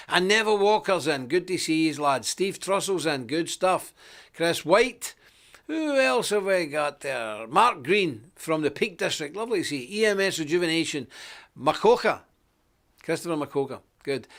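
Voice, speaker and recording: A middle-aged man hosting a live stream, chatting casually, greeting viewers by name and jumping up in pitch when he stresses a point. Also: a bit bright.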